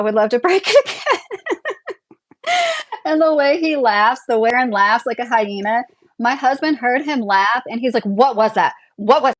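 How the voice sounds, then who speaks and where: A young woman hosting a casual livestream from her home, reading viewer comments aloud, chatty and opinionated, laughing often. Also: fairly high pitch. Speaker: livestream host. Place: home, a double-wide trailer.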